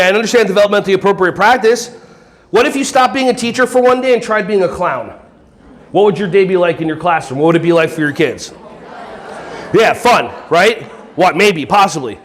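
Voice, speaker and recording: High-voiced joking man presenter. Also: fairly bright tone, a little hiss or hum. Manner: playful, joking, quizzes the audience. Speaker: conference presenter. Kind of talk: energetic workshop talk to a live audience.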